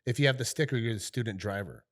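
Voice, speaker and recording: A man's voice: medium pitch, quick pace. A middle-aged man co-hosting a podcast, telling a long story in a casual, rambling way, swearing freely and dropping fillers like "right?" and "you know". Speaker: podcast co-host.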